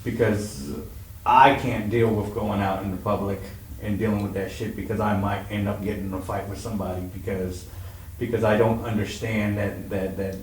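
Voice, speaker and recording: A lower-voiced man talking bluntly and casually as a podcast guest, dropping swear words without a second thought. He sounds set back from the microphone in an echoey room with a faint hiss. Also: little pitch movement, normal speed. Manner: blunt, swears, laughs often. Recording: roomy echo, mic at a distance, faint noise.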